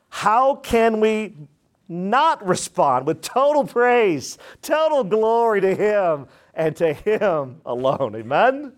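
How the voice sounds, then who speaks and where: A man preaching a sermon to a church congregation, energetic and emphatic, calling for responses from the room. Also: high-pitched. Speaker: pastor.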